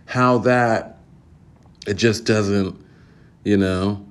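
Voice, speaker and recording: Guy hosting a podcast, swearing a lot, rambling and exasperated, lowish voice. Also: fairly even intonation, very slow. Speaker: podcast host. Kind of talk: casual opinion rant.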